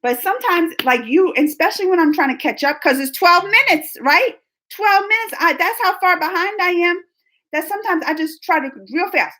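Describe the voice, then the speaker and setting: A woman in her forties hosting a casual livestream, chatting with viewers in a rambling, animated way and laughing often. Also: very high voice, normal speed. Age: 40s. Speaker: livestream host reading chat. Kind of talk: casual live chat.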